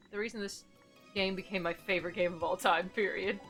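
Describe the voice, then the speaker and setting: A woman's voice: medium pitch, a little fast, a bit bright, faint music behind. A woman streamer making casual, joking asides while playing a game. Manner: joking asides between read lines. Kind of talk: casual gameplay commentary.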